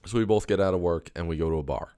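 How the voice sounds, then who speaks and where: A man's voice: deep voice, racing, mellow, clear, resonant tone, no room sound, studio quality. A young man hosting a podcast, telling a rambling story in a loose, swearing way with lots of fillers and restarts. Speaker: podcast host.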